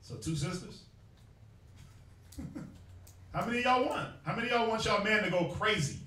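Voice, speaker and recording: A man's voice: sits high, lively intonation, moderate pace, pushed and bright. A man preaching to a crowd, firing questions at them in a call-and-response Bible teaching. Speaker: street preacher. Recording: echoey space, far from the mic.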